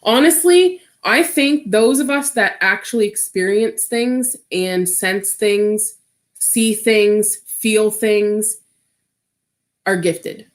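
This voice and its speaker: Woman streamer, slow and rambling, "like"-heavy casual storytelling. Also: medium pitch. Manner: rambling, full of "like" fillers.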